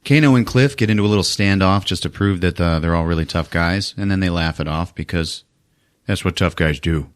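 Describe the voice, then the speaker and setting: A man's voice: low-pitched, brisk. A man hosting a podcast, casually recapping a film, swearing freely, laughing often and acting out the characters. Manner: profane, laughing, acts out scenes in voices. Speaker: podcast host.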